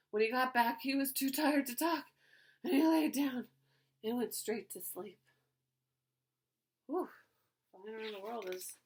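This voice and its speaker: A woman, a preschool teacher, reading a storybook aloud to children in an animated way, pausing to ask them questions. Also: fairly high pitch, rough recording. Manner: animated, asks listeners questions.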